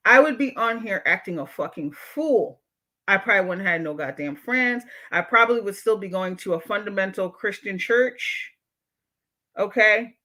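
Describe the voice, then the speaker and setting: A woman with a mid-range, expressive voice and a sharp tone runs a livestream at normal speed, reading out chat messages. A therapist by trade, she lectures her audience in an outspoken, profane, blunt manner.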